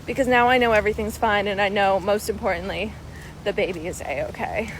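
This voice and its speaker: Young pregnant woman, casual storytime, expressive and chatty, light outdoor noise. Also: mid-range voice, a little fast, low-quality recording. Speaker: vlogger.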